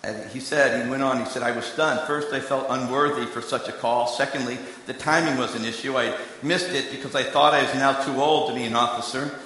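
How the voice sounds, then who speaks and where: A man giving a sermon, telling a story that swings between quiet asides and emphatic lines. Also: medium pitch, steady tone, brisk. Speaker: preacher and candidate recruiter. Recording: echoey hall with long reverb.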